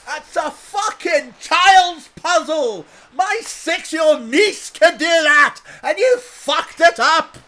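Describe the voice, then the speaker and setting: A man putting on a Scottish accent to play a furious, foul-mouthed male spin doctor who shouts insults. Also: high voice, animated, a little slow, voice pushed up, exaggerated voice. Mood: ranting. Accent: Scottish, put on.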